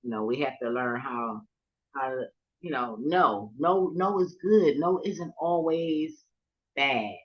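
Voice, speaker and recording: A woman vlogger telling a story in a casual, heated rant, swearing heavily and swinging between shouting and muttering. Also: very deep voice, takes it slowly, dull audio. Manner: heavily profane, heated and emphatic.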